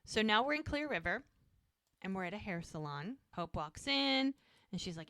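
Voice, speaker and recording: Podcast co-host, female, lively recap storyteller, bright tone, dry close sound. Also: mid-range voice, moderate pace, no room sound. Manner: animated retelling, acting out characters' lines. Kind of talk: casual chat, recapping a TV episode.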